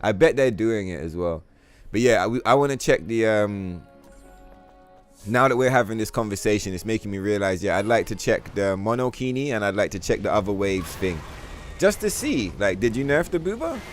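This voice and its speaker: A man streaming a game and chatting casually, rambling and animated, swearing freely and using slang. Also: lowish voice, brisk, faint music behind. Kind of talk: casual livestream chat while gaming.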